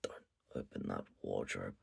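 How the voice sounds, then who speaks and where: A man voicing an obsessive teenage schoolgirl kidnapper, using a low, threatening delivery. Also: fairly even intonation, a little slow, creaky, heavy background noise, heavily acted.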